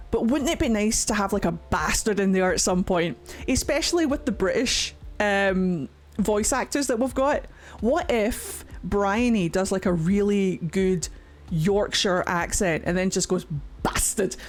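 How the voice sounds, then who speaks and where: A Scottish woman chatting casually on a livestream, talking freely and swearing often. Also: medium pitch. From Scotland. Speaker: streamer.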